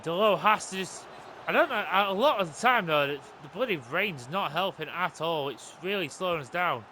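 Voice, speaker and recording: A gaming host doing let's-play commentary, excitable and swearing as they rant at the game. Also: mid-range voice, normal speed, slight background noise.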